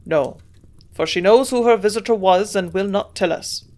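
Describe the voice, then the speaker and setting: Woman doing gruff old German scientist. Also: medium pitch, moderate pace, darkish tone, natural voice. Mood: shrewd. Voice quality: grunting, gruff.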